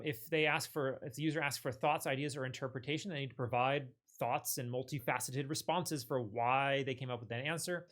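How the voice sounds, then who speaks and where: A man's voice: a little high, a bit bright. Man casually walking through a tutorial. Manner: loose, filler-heavy, frequent self-corrections. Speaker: tech tutorial presenter. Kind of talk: casual screen-share walkthrough.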